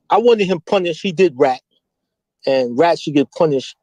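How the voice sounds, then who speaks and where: High-voiced slangy New man. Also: moderate pace, no room sound, highs cut off. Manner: animated, slangy, mimics voices when quoting. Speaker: interview guest. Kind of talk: candid street storytelling.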